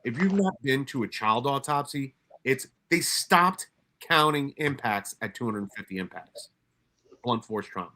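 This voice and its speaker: Ex-detective, middle-aged man, candid and profane, sharp-edged bright tone, workshop storyteller. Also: mid-range voice, expressive, a little slow. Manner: blunt, profane, emphatic, frequent restarts. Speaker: former homicide detective speaking at a workshop.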